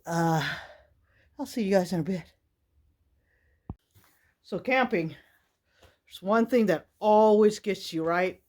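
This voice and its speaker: Speaking slowly with long pauses, a woman vlogs from a little wooden shack amid winter woods. Her medium-pitched voice is somewhat mellow, and her casual chat to camera rambles with plenty of fillers.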